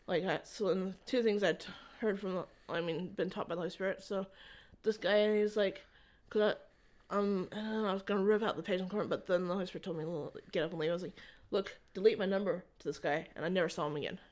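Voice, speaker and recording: A woman in an interview, telling a personal faith story in a rambling, halting way with frequent restarts. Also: on the low side, fairly even intonation, darkish tone. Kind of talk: conversational testimony.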